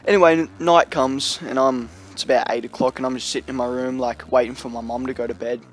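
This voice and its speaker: A man's voice: medium pitch, steady tone, fast talker, slight background noise. A young man telling a story in a loose, rambling storytime vlog, full of slang and fillers. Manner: rambling, slangy, lots of "you know" and "like". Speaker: vlogger.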